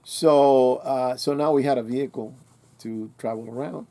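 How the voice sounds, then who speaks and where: Older man, 60s, mellow and relaxed tone; casual rambling storyteller who restarts his sentences. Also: medium pitch, moderate pace. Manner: rambling, self-correcting, colloquial. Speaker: channel host.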